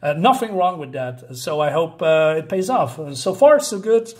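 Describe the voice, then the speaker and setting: A man's voice: fairly high pitch, lively intonation, normal speed. A man reviewing a comic in a casual, hesitant way with many fillers and restarts.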